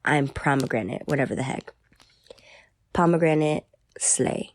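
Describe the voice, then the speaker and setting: A woman's voice: deep voice, measured pace, no room sound, clean studio sound. A young woman voice actor rambling goofily to herself while reading through a script. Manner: goofy, rambling, mock-dramatic.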